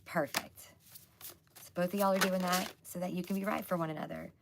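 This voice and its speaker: Husky hoarse woman doing a live tarot stream, chatty and rambling, faint hiss behind. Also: on the low side, fairly even intonation, a little fast. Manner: chatty, loose, many fillers. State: hoarse, losing her voice. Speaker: psychic tarot reader hosting a live stream. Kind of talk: casual live tarot reading.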